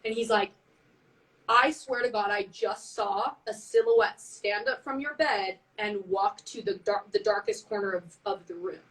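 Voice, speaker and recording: A woman telling a spooky story in casual chat on a live stream, animated and full of "like", acting out what people said. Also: mid-range voice, unhurried, recorded from a distance, poor audio. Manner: animated, heavy use of "like", acts out quotes. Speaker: band member on a live stream.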